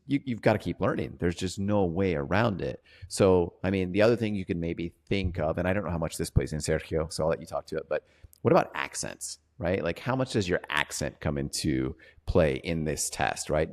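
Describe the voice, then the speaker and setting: A man co-hosting an interpreting podcast, chatting casually and often checking in with "right?". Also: sits low. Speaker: podcast co-host.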